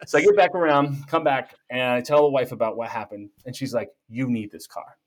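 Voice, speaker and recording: Middle-aged male guest, lively jokey storyteller, conversational. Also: medium pitch, fairly quick. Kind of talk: casual storytelling.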